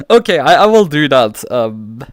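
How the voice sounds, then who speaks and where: Venting during a casual livestream, this man swears in frustration and keeps tripping over restarts. His pitch swings widely, though his pace stays measured, and the sound is close-miked and dry without any room reverb.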